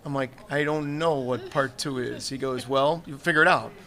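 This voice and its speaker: A man's voice: mid-range voice, normal speed, creaky, bright, forceful tone. A man, a retired fire chief, telling earnest personal stories in a live interview and often quoting other people as he goes. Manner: earnest, reflective, quotes others in his stories. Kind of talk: candid storytelling in a live interview. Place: trade show livestream set.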